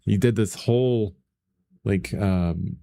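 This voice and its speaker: A middle-aged man talks viewers through a painting demo in an easygoing, rambling way, laughing often between his thoughts. His voice sits low and sounds mellow and warm. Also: slow pace, gravelly, slight background noise. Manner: rambling and chatty, laughs often, lots of fillers. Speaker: painting instructor. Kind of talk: casual livestream painting lesson, chatting with viewers.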